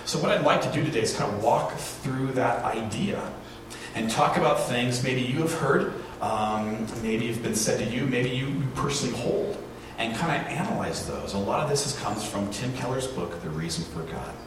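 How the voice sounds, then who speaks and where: A man's voice: mid-range voice, lively intonation, moderate pace, noisy background. A man in his forties preaching a sermon, telling stories in a conversational way and asking rhetorical questions. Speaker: pastor. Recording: very echoey hall from far off.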